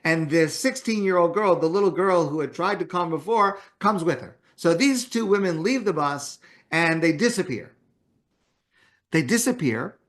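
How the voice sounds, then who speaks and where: A man with a fairly high voice gives a morning talk as a rabbi. He speaks in a relaxed, conversational way, telling a story and acting out the voices in it. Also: moderate pace. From Canada.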